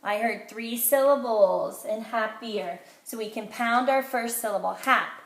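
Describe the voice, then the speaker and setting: A woman teaching phonics to young children, her fairly high voice slowing down to sound out each letter and syllable with care. She is recorded in an echoey room. A faint hiss runs under her voice.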